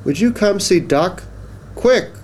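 A man's voice: a little high, slow pace, a little mellow, a little hiss or hum, pitched above the performer's own voice. A man doing a chirpy storybook pig. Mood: urgent. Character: cheerful encouraging farm pig.

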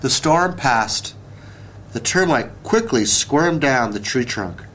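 Slow, expressive man reading a children's story. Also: mid-range voice, a little hiss or hum. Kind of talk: children's story read aloud.

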